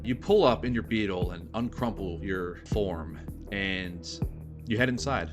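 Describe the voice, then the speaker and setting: A man with a low voice runs a tabletop horror game. He describes places and people at an easy pace, dropping casual fillers along the way. Clear music plays beneath his narration. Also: measured pace. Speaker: game master.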